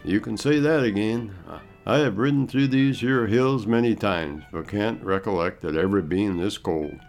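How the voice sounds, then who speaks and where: A man's voice: fairly low pitch, moderate pace, darkish tone, soft background music, natural voice. A man voicing a grumbling old frontier guide with a folksy drawl.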